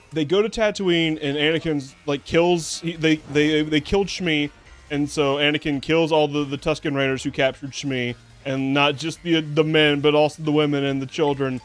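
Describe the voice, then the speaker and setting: Higher-voiced man rambling over gameplay. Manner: rambling, lots of fillers and restarts; swears casually, sarcastic. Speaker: VTuber streamer. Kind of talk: casual gameplay commentary.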